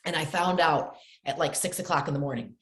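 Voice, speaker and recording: A middle-aged woman telling animated stories as a podcast guest, acting out the voices of her family. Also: deep voice, a little fast, echoey room. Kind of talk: casual storytelling interview.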